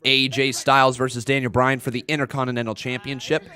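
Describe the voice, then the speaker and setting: A man's voice: mid-range voice, little pitch movement, fast, bright, forceful tone. A tired man hosting a wrestling live stream, chatting casually and upbeat while greeting viewers by name. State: tired, just woke up. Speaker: wrestling livestream host.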